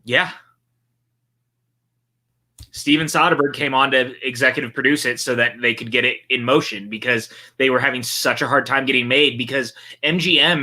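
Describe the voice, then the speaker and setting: Casting note: male co-host, very bright and forward voice, easygoing chat that reads the chat aloud. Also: mid-range voice. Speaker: podcast co-host. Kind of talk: casual movie watch-along chat.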